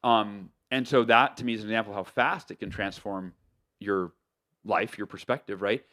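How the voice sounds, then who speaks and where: A man from the United States, an author, telling stories as a podcast guest in an animated way, with lots of fillers and restarts. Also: fairly low pitch, normal speed. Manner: animated, loose talk with many fillers and self-corrections. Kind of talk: casual storytelling interview.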